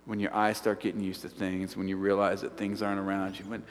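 A man preaching a sermon as a pastor, in a hushed and intimate way. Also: low voice, completely flat delivery, fast talker. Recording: long hall reverb with clear guitar music. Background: guitar playing.

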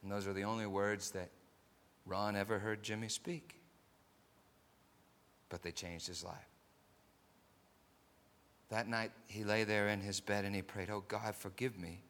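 Slow, bright-voiced male preacher. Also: lowish voice, level tone, long reverb tail. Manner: swells from quiet narration to loud impassioned pleading; slow, deliberate delivery with many pauses. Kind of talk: sermon storytelling.

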